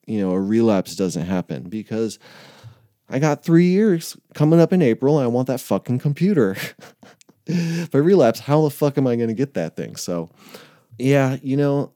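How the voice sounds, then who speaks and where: A man's voice: medium pitch, expressive, moderate pace, mellow, no room sound, clean studio sound. A man hosting a podcast, talking in a loose, casual monologue, swearing freely and laughing often. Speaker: podcast host.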